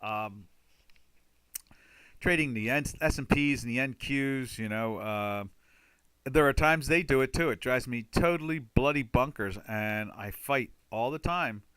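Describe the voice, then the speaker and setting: Chatty bright-voiced man hosting a webinar. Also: mid-range voice, measured pace, clear, resonant tone, no echo. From United States. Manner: chatty, rambling, exclaims loudly in frustration. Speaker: trading webinar host. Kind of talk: casual live webinar talk.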